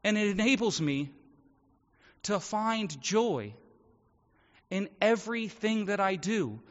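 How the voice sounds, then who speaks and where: A man's voice: sits high, lively intonation, slow pace, pauses often. A man preaching a sermon in a church, talking conversationally and acting out the voices of the people in his stories. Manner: conversational, acts out quoted voices. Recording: echoey hall, dull audio.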